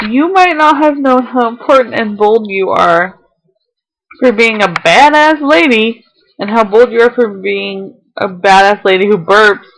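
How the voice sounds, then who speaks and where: On a casual vlog, a young woman with a fairly high voice reads a heartfelt letter aloud to her viewers. She is tearful and fighting back tears, now and then laughing between lines. The recording is rough.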